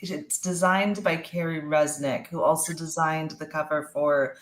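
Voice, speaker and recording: A woman author talking about her books as a guest on a video call, thoughtful and pausing with fillers. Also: low voice, fairly even intonation, roomy sound, slight background noise. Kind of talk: casual interview talk.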